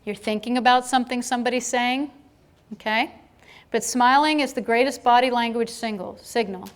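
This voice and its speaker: A woman's voice: fairly high pitch, fairly even intonation, normal speed. A woman presenting a live training seminar to a room of people, chatty, with playful asides and frequent checks of "right?".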